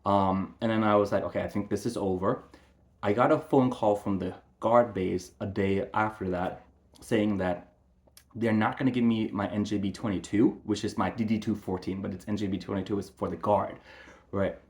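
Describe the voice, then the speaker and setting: A young man with a fairly low voice recounts a personal experience straight to the camera. He talks haltingly, full of fillers and restarts, and grows heated when he recounts a confrontation. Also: fairly even intonation, a little mellow. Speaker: veteran telling his story.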